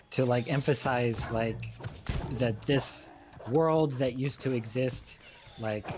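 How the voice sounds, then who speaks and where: Male historian guest, mid-range voice, talks haltingly through restarts, background hiss on the stream. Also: mid-range voice. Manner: halting, many fillers and restarts. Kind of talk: casual conversation on a livestream.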